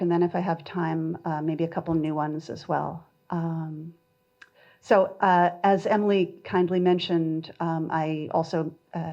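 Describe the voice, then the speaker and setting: A woman reading her poetry at a literary festival, measured in the poems and chatty and self-deprecating between them. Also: deep voice, darkish tone, dull audio. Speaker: poet reading her work.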